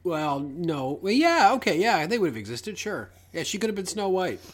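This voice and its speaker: A man's voice: high-pitched, sing-song, moderate pace. A man co-hosting a podcast, chatting casually about an old film with joking, sarcastic asides. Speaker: podcast co-host.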